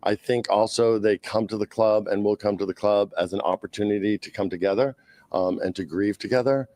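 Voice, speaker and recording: A man with a Boston accent, speaking for a skating club at a press conference, pausing often with "uh" and "um". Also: fairly low pitch, fairly even intonation, a little mellow, no echo. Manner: halting, frequent "uh" and "um".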